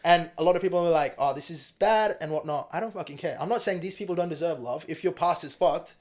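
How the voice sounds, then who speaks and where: A young man, speaking in a voice pitched a touch higher than most men. He is a podcast guest in a casual studio chat, blunt and opinionated, with plenty of swearing. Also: fast talker, a little mellow. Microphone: studio mic.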